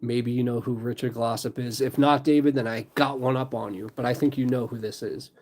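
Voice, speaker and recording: A man's voice: medium pitch, steady tone, fairly quick, darkish tone. A man hosting a casual livestream, chatting loosely with viewers, laughing often and wandering into rambling asides. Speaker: livestream host and storyteller.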